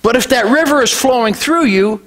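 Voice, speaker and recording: A male pastor delivers a Sunday sermon in a church sanctuary. His voice sits high and swings widely, rising to loud declarations and sinking to hushed lines. He sometimes drifts away from the microphone. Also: moderate pace. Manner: animated preaching, swinging between loud declarations and low, quiet lines.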